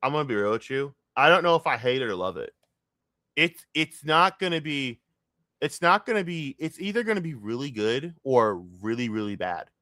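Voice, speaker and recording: A man ranting in a casual, profane stream rant, jumping from loud outbursts to low grumbling. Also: normal speed, no room sound, studio quality. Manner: profane, excitable, swings between loud outbursts and mutters.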